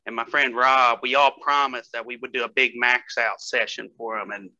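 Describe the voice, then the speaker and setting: Male guest, casual storyteller, sharp bright voice, middle pitch. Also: little pitch movement, moderate pace, highs cut off. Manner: storytelling, laughs often, hesitant fillers. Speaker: guest strength athlete. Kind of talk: casual podcast chat.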